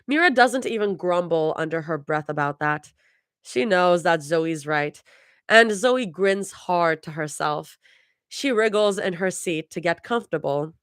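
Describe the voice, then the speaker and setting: A woman reads her fan fiction aloud live, chuckling and restarting words as she goes. Her voice is on the low side, a bit bright, clear and resonant, captured in a dry, studio-quality recording.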